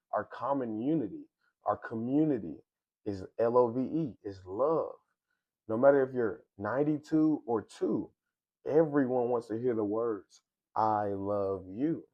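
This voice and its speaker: A man's voice: on the low side, a little mellow. A young man hosting his own vlog, telling a story in a casual, earnest and upbeat way. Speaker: vlog host and event organizer. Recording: slightly dull lo-fi audio.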